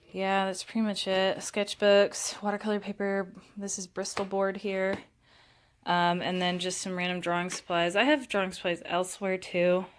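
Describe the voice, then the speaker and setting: A woman's voice: medium pitch, slight background noise. Chatty woman giving a studio tour. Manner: chatty, many fillers and restarts. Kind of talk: casual chat.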